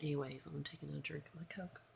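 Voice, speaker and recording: A woman's voice: low voice, fairly even intonation, racing, vocal fry, darkish tone, breathy edge. A tired woman, rambling sleepily to her vlog camera at night and drifting into whispers. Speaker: vlogger. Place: at home in bed at night.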